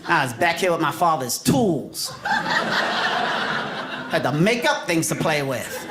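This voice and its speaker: Stand-up comic from New York, very animated delivery, live club recording with noise. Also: male voice, a little slow, long pauses. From New York City. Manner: animated storytelling, jumps into high voices for quotes. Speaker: stand-up comedian. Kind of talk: stand-up comedy set. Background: audience laughter.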